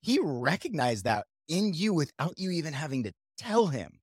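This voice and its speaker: A man's voice: a little high, very animated, normal speed, slightly rough, no echo, clean studio sound. A man hosting a podcast, talking casually with a rambling, filler-heavy manner. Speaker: podcast host. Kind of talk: casual chat.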